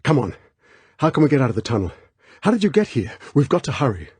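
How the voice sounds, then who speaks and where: A man's voice: medium pitch, very animated, quick pace, a little mellow, husky, dry recording, pitched above the performer's own voice. A man reading an audiobook voices a tough male secret agent who gives clipped, urgent commands.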